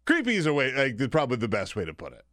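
A man's voice: mid-range voice, wildly swooping pitch, very fast, fairly bright tone, dry recording, clean studio sound. A man filling in as the host of a radio talk show, chatting casually and laughing often.

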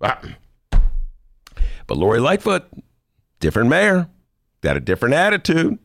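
A man hosting a talk radio show, giving lively, mocking political commentary and laughing often. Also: a little high, moderate pace, gravelly, no room sound.

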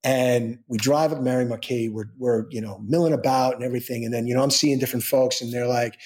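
A man's voice: mid-range voice, quick pace. A middle-aged man tells a long personal story as an interview guest. He rambles and restarts, with plenty of fillers, and lifts his voice when acting out what people said. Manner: animated, rambling anecdote with many fillers and restarts.

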